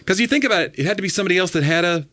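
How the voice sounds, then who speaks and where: A man co-hosting a podcast in casual comedic chat, telling jokes with animated delivery and acting out the voices in the quotes. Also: high-pitched, racing, no echo, clean studio sound. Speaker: podcast co-host.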